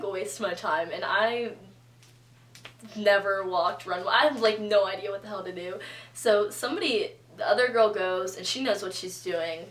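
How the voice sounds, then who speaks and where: A woman's voice: medium pitch, a bit bright, distant mic. Young woman telling a chatty story in a roomy room. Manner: chatty, filler-heavy with lots of "like" and quoted reactions. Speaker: vlogger. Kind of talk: casual storytelling vlog. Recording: roomy echo, voice a bit off-mic.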